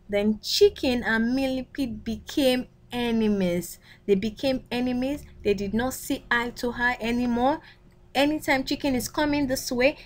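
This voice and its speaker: A woman teacher reading a picture book to children, repeating each line and asking them questions. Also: high-pitched.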